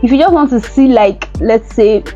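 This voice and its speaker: A woman's voice: a little high, normal speed, mellow, lo-fi sound, faint music behind. A young woman, chatting casually and giggly in a home vlog. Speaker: vlogger.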